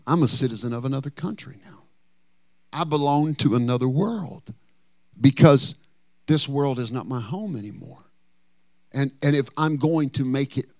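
Animated preaching man, dry close sound. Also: medium pitch, no room sound. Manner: animated preaching, folksy asides and humor. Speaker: pastor. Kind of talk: sermon.

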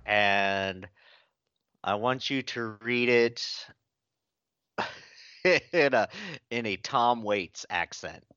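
A man co-hosting a podcast, chatting casually, laughing often and reacting loudly. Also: lowish voice, very slow, long pauses, clean tone, no room sound. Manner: lively, laughs easily. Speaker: podcast co-host. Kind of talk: casual comedic chat. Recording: dry, dull lo-fi sound.

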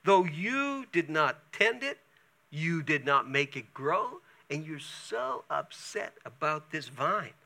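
A man voicing a patient, questioning divine figure in a sermon, asking soft, slow questions. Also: on the high side, animated, full character voice. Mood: gently questioning.

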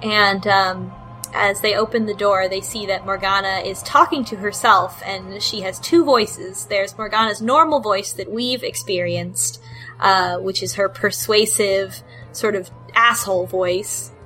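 A woman's voice: medium pitch, fairly even intonation, a little slow, sharp tone, faint music behind, rough recording. A woman in casual chat, animatedly retelling a story game and laughing often. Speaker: podcast co-host recapping a story game.

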